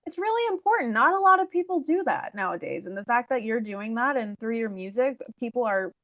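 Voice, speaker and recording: Eager female host, high voice, dead-dry recording, gushing with compliments. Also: expressive, brisk, a bit bright, no room sound. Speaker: interview host. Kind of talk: casual interview chat.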